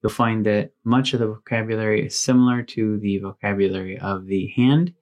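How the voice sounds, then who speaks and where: Lowish man teaching words, patient. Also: steady tone, a little mellow. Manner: patient, repeats each word slowly twice. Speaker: language teacher. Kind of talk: spoken language lesson.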